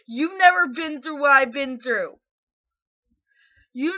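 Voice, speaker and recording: Vlogger, woman, high bright voice, furious near-tearful rant, measured delivery, dull lo-fi webcam sound. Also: expressive. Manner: angry, indignant, filler-heavy ("like", "you know"). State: shaking with anger, near tears. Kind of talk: emotional personal rant to camera.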